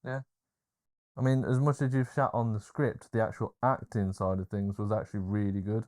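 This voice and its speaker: A man's voice: lowish voice, normal speed. A man co-hosting a podcast, retelling film scenes in a casual chat, with plenty of fillers and hesitations. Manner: animated storyteller, hesitant with fillers. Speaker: podcast co-host.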